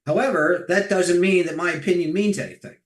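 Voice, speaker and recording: A man's voice: high-pitched, fairly quick, echoey room. A man co-hosting a livestream, talking casually and hesitantly, hedging his opinions. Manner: hesitant, hedging, restarts often. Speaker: co-host. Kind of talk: livestream discussion, casual chat.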